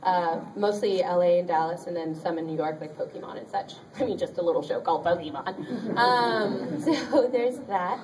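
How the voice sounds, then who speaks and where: A woman's voice: fairly low pitch, moderate pace, few pauses, noisy background. A woman voice actor speaking on a convention panel, giving chatty, upbeat career advice with many ums and small laughs. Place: convention panel room with an audience. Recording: distant audience recording in a convention room.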